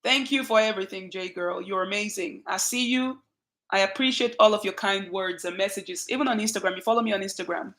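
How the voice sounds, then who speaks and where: A woman with a Nigerian accent hosting a casual livestream, greeting viewers by name in an emphatic, lively way. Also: mid-range voice, brisk. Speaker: channel host.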